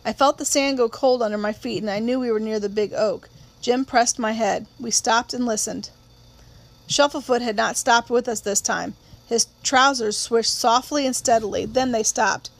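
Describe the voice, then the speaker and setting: A woman reading a novel aloud in a steady, measured storytelling manner. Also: fairly high pitch, gravelly. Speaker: audiobook reader.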